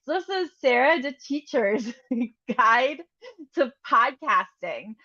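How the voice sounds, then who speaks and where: A woman's voice: sits high, animated, slow, sharp tone, highs cut off. A woman hosting a casual video interview, enthusiastic and giggly as she praises her guest. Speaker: interviewer, host.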